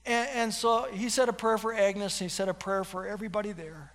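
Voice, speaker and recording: A male pastor tells a story in his sermon, animated and full of restarts. His voice sits fairly high and rings through a hall with long reverb. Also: brisk.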